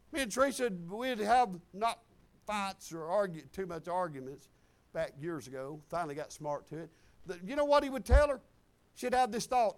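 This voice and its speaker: A male pastor preaching a sermon, telling personal stories in an animated, exclamatory way. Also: very high-pitched, moderate pace. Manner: animated, exclamatory, chuckling storyteller.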